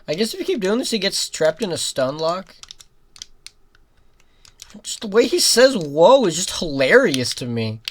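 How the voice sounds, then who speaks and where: A young adult giving rambling let's-play commentary, breaking into giggles and sudden loud outbursts at the game. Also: mid-range voice, sing-song, measured pace, pauses often, a little hiss or hum. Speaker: gaming commentator.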